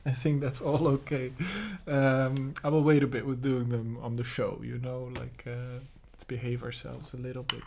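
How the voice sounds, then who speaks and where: A man's voice: medium pitch, level tone, normal speed, vocal fry, warm tone, a little hiss or hum. A man hosting a casual music vlog from his home studio, talking in a laid-back, rambling way with plenty of fillers. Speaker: music producer and host.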